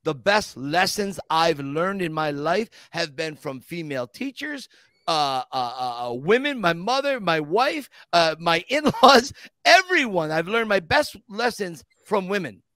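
A man hosting a casual podcast chat, an animated storyteller who talks eagerly and with emphasis. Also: high voice, a little slow, no room sound. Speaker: podcast host.

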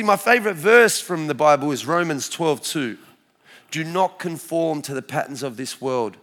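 A man in his forties with an Australian accent, telling his faith story to a church crowd in a lively, storytelling way. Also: on the high side. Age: 40s. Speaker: speaker sharing his testimony. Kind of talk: church testimony talk.

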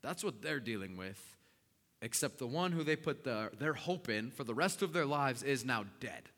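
A man preaching a sermon and telling the story with animated swings from hushed, slow lines to loud, fast ones. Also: mid-range voice, in a large hall. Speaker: pastor.

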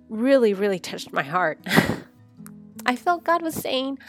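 A woman's voice: on the high side, very animated, slow, long pauses, faint music behind. A woman hosting a devotional podcast, retelling a scripture story with emotion, laughing and tearing up as she talks. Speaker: podcast host.

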